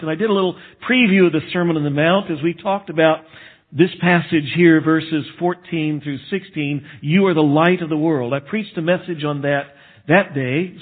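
Guy preaching a sermon, chatty, slows way down on the big lines, tinny phone-line sound. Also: fairly high pitch, breathy edge. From Texas. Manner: conversational preaching, slows for emphasis. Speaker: pastor. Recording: phone-like narrow band.

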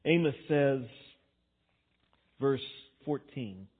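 A man preaching a verse-by-verse sermon, emphatic and swinging between loud bursts and quiet asides. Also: mid-range voice, animated, very slow, breathy edge. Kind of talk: expository sermon. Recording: tinny phone-like sound.

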